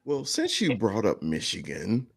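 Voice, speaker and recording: A man's voice: fairly low pitch, huge pitch swings, measured pace, gravelly, slightly rough. A man co-hosting a casual sports podcast, making his points emphatically. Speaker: podcast co-host.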